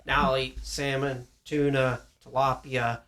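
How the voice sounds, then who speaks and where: Gravelly-voiced man in easy chat. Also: medium pitch, level tone, unhurried, a bit bright. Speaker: co-host. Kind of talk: casual chat.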